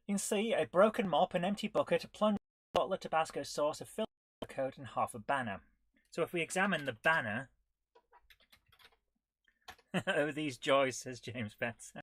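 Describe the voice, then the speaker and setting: A woman's voice: deep voice, expressive, normal speed, pauses often, husky, no room sound. A woman chatting casually on a live coding stream, giggling often and reading on-screen text aloud in a playful way. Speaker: retro gaming streamer.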